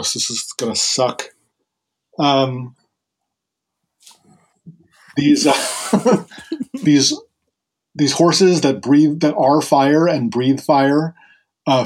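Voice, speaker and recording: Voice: medium pitch, darkish tone, rough recording. A host retelling a Greek myth in casual, chatty conversation, with fillers and laughter. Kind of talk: casual storytelling.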